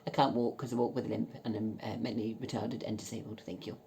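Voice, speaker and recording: Bawdy woman with a very deep voice. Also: level tone, quick pace, creaky, a little hiss or hum. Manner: bawdy, cheeky, swears a lot; loud, sudden laughs. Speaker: vlogger. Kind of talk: casual chat reading dating messages aloud.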